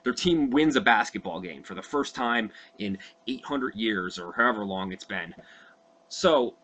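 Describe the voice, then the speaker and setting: A man's voice: lowish voice, expressive, unhurried, bright, forceful tone, slight background noise. A young man casually recounting a movie's plot from memory, loose and profane, full of fillers and asides. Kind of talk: casual rambling recap.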